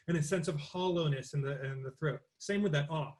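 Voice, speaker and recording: A young man leads a voice lesson, explaining resonance in loose, halting bursts and breaking into sung exercises. His speaking voice sits a little high for a man. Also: a little mellow. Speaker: voice teacher. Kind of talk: interactive online voice lesson.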